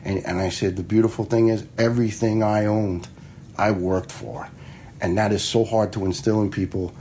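Speaking at a normal speed with a warm, lowish voice and fairly even intonation, a retired New York-area fire lieutenant shares personal stories. He's blunt and frank, swears freely, and acts out quoted dialogue in this casual storytelling, with a little hiss or hum in the background.

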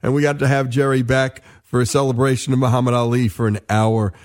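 A man's voice: mid-range voice, level tone, fast. A man hosting a radio interview, enthusiastically plugging his guest's book. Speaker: radio host.

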